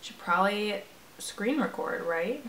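A young woman talks casually through a phone game, mocking herself and swearing freely. Her pitch sits in the middle of the range, and a roomy echo with a faint hiss carries under her voice. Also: expressive, unhurried, gravelly, a bit bright. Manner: chatty, self-mocking, swears a lot. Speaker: vlogger playing a phone game. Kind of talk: casual gameplay chat.

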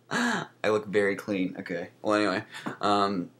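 A young man with a fairly low voice talks through a sick-day vlog. He sounds congested and short of breath, and he coughs. His delivery is sarcastic and rambling, with sudden leaps upward in pitch. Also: sing-song, measured pace, a bit bright. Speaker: vlogger.

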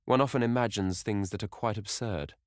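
A man voicing a vain, bored young gentleman who speaks in a languid, petulant way, lifting his voice above his own low register. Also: brisk, no echo, clean studio sound, lightly acted.

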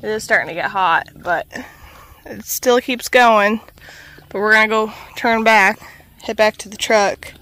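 A woman's voice: medium pitch, measured pace, bright, forceful tone. A woman vlogging casually on an outdoor trail, chatting and talking to her dog as she walks. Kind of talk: casual walking vlog.

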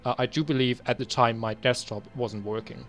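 A young man talking casually while reviewing his old game bans. He mutters asides to himself and then bursts into loud, exasperated ranting. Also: medium pitch, steady tone, fairly quick, soft background music. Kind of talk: casual screen-recorded commentary.

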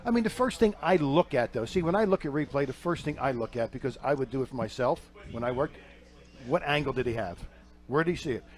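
A man's voice: medium pitch, expressive. A man, a retired basketball referee, talking casually on a sports radio panel with many restarts. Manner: halting, restarts often.

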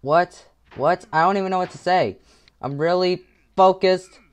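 A man giving gameplay commentary with headphones on, muttering to himself and swinging into frustrated yelling. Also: high-pitched, normal speed, clean tone. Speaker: gaming video creator.

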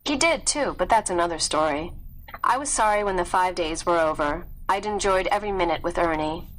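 A woman reading a story aloud in a clear, steady storytelling manner. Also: on the low side, brisk, slight background noise, poor audio. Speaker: read-aloud narrator.

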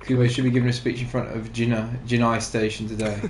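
A man's voice: mid-range voice, little pitch movement, fast, roomy sound, background noise. A man giving chatty, joking commentary while playing a video game. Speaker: gamer co-host. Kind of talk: casual let's-play commentary.

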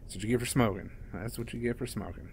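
A man's voice: medium pitch, fast talker, creaky, darkish tone, slight background noise. A man commentating his horror game play, jumpy and profane, with panicky outbursts and out of breath at times. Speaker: gaming YouTuber.

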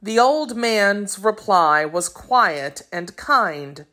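Slow-reading woman narrating a storybook. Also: on the low side, animated, bright, forceful tone.

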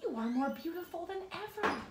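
A woman voicing a gentle young male forest animal in a storybook, pleading in a raised voice, recorded far off in an echoey room with noise. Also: very high voice, lively intonation, fairly quick, pitched above the performer's own voice. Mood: tender.

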